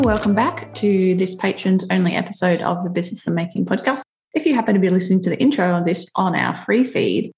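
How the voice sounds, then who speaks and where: A woman's voice: medium pitch, vocal fry, darkish tone. An Australian woman hosting a podcast in a chatty, self-mocking way with easy laughter. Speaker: podcast host. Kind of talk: casual podcast chat.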